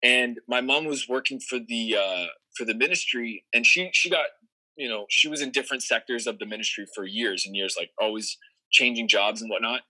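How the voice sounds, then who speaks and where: Bright-voiced man telling a rambling story. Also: medium pitch, fairly quick, rough recording. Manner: rambling, profane, lots of fillers. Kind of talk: casual storytelling chat.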